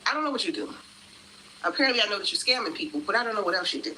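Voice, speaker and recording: Bright, indignant woman retelling a dispute. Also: medium pitch, animated, rapid-fire, a little hiss or hum, low-quality recording. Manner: indignant, acts out both sides of the call. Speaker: customer telling her refund story. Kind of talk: storytelling vlog.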